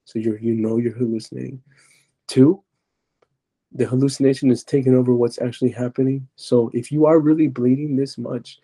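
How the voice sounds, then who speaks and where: A man's voice: mid-range voice, dark tone. A man, a podcast guest, giving an earnest, confessional account of his personal testimony, often stopping and restarting as he retells it.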